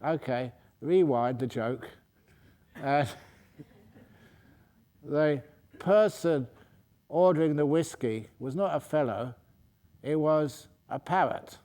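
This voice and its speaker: Monk guy cracking a joke in a dharma talk, warm low-key voice, chuckles a lot. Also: slow, pauses often. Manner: playful storyteller, laughs at his own jokes and corrects himself. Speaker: Buddhist monk teacher.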